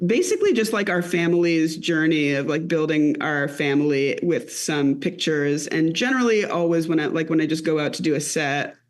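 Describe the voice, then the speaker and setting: A woman in her late thirties, a comedian guest, chatting casually on a podcast in an animated, rambling way. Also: sits low, normal speed, few pauses. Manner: animated, rambling with many fillers.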